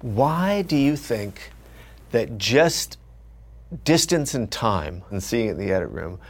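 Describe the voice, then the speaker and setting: A man's voice: lowish voice, big pitch swings, takes it slowly. A man interviewing a guest, asking short follow-up questions in a casual conversation.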